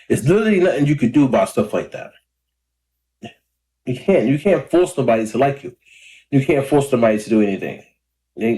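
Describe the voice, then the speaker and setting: A man in his thirties chatting casually to camera in a rambling, laid-back way, a little hoarse and clearing his throat often. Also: mid-range voice, dark tone. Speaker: independent rapper and vlogger. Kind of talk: casual talking-to-camera vlog. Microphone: camera or phone mic.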